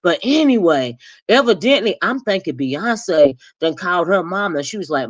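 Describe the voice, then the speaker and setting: A woman hosting a casual celebrity gossip talk with speech, sassy and animated, leaping high in pitch when she acts out her own reactions. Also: moderate pace, no room sound, lo-fi sound. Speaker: gossip commentary host.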